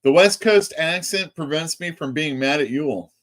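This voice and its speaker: A California man with a fairly high, slightly bright voice speaks at a normal pace while hosting a casual live stream for his comic shop. He chats loosely, reads viewer comments aloud, and laughs often.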